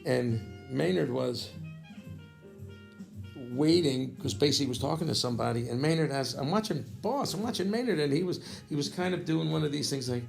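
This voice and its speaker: A man in his fifties, a jazz saxophonist, telling a story in a rambling, animated way, with restarts and frequent throat-clearing. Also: on the high side, moderate pace, faint music behind. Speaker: jazz saxophonist recounting a memory. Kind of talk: casual spoken storytelling.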